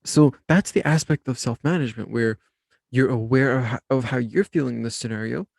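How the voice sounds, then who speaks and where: A young man with a gravelly, middle-pitched voice hosts a self-help podcast. He tells his story in a relaxed, rambling way, full of fillers and restarts. The sound is dry and close, with no room echo. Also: a little fast. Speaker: podcast host.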